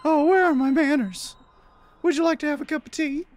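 A man's voice: very high voice, brisk, pitched above the performer's own voice. A man voicing a frail, nervous elderly woman who stammers and pleads, reading game dialogue aloud. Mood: flustered.

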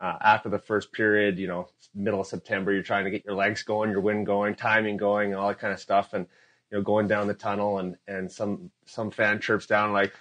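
A man who is a former pro hockey player, a podcast guest telling energetic stories from his playing days, with quieter trailing asides. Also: lowish voice, brisk. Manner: energetic storyteller, drifts into soft trailing asides. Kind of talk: casual storytelling chat.

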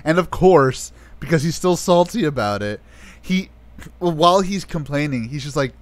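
Profane, animated podcast storyteller man. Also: fairly high pitch, moderate pace. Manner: profane, animated storyteller acting out his side of arguments. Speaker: podcast co-host. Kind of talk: casual podcast chat.

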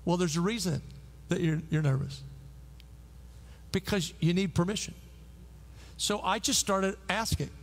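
Man, preacher, high voice, gravelly, animated storytelling, sermon. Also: unhurried, pauses often. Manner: animated, storytelling with frequent restarts. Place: church service.

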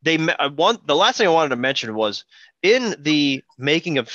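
A man's voice: fairly high pitch, sing-song, normal speed, a bit bright, dry recording, highs cut off. A man hosting a podcast, chatting casually about concert videos, rambling and correcting himself as he goes. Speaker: podcast host. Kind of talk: casual chat about music.

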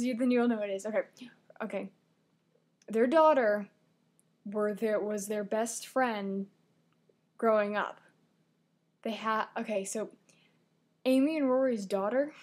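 A teenage girl vlogging in a casual chat, rambling and excitable, often correcting herself mid-sentence. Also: medium pitch.

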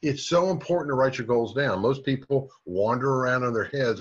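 A man with a husky, slightly rough voice delivers a motivational training talk in a direct, coaching manner. He keeps checking in with his listeners as he goes. The recording sounds dull and lo-fi. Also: medium pitch, expressive, brisk, hardly any pauses. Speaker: business trainer.

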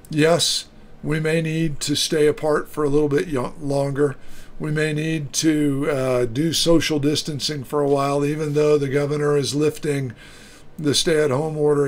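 A man speaks as a pastor in an earnest devotional talk. His voice sits a little high for a man. He reads scripture and reflects at an unhurried pace, with a few fillers. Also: level tone. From United States.

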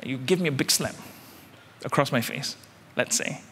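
A man preaching a sermon as senior pastor, emphatic, repeating phrases and climbing suddenly louder. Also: medium pitch, moderate pace, husky, big-room sound.

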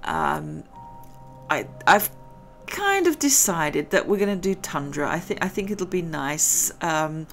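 A woman's voice: on the low side, wildly swooping pitch, slow, fairly bright tone, faint music behind. A middle-aged woman, chatting and giggling her way through a let's-play game session. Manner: chatty, rambling, giggly asides. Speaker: gaming video host. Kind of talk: casual let's-play commentary.

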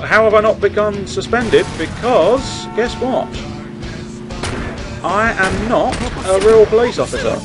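A man's voice: high-pitched, animated, measured pace. Sweary, chatty man gaming. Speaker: let's play host. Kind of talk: gameplay commentary. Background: game sounds and music.

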